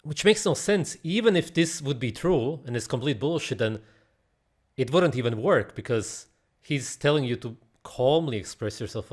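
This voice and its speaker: A man's voice: medium pitch, moderate pace. Blunt, mocking male commentator. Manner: blunt, mocking, animated, swears. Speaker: reaction video host. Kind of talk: casual ranting commentary.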